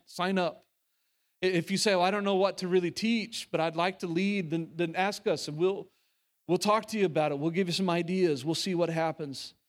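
A high-pitched male pastor delivering a sermon. He speaks with earnest conviction and stumbles and restarts often. He drops suddenly into quiet, intimate lines, then lifts again to press a point.

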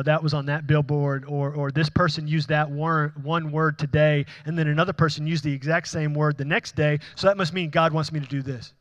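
Guy preaching, kinda high voice, chatty and earnest, lots of restarts. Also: a bit bright. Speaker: pastor. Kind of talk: sermon.

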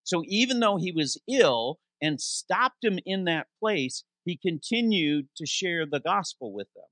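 Male interim pastor, sermon delivery, slightly higher pitch, dry close sound, animated with question-and-answer emphasis. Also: no echo. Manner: animated preaching, reads scripture aloud with slowed emphasis; asks the congregation questions and answers them. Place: church sanctuary.

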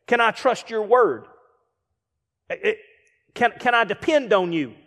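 A middle-aged man preaching a sermon, animated, with acted-out asides and rhetorical questions. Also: high voice, slow pace. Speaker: guest preacher. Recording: reverberant hall.

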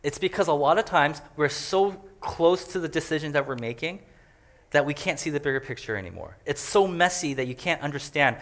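A man's voice: a little high, expressive, brisk, a bit bright. A man preaching a conversational sermon as a pastor, joking and chatty as he explains a passage. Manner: joking and chatty, laughs often.

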